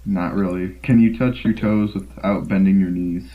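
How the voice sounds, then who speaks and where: A young man co-hosting a casual podcast over a call, firing off quick questions and laughing easily. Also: deep voice, steady tone. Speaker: podcast co-host asking rapid-fire questions. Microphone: call audio. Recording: dull lo-fi call audio.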